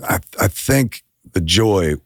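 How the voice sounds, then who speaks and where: A filmmaker in casual podcast chat, an animated storyteller who swears often and acts out quotes. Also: male voice, low-pitched, slow, no room sound, clean studio sound. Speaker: filmmaker guest.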